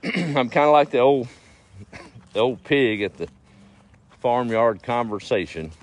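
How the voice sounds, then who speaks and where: A man telling folksy stories in a laid-back, chuckling way, outdoors in his garden. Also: low voice. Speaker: storyteller. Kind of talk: folksy storytelling.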